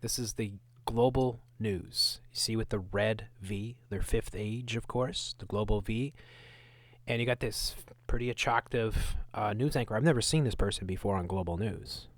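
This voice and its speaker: A man's voice: on the low side, moderate pace, no echo. A man hosting his own channel, giving sarcastic, scornful commentary on news clips. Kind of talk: ranting video commentary.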